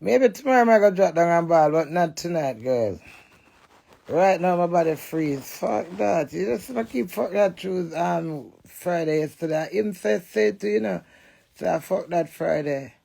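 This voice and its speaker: A woman's voice: lowish voice, animated, unhurried, gravelly, mellow. A Jamaican woman in a defiant, emotional live rant, cursing and repeating phrases in a chant.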